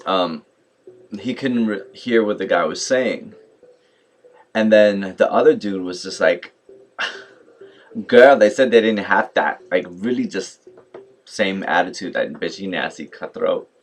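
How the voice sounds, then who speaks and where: Young man, low-pitched voice, casual vlog storyteller, animated and chatty. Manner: animated, mimics others in quotes, many fillers like "like" and "yo". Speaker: vlogger.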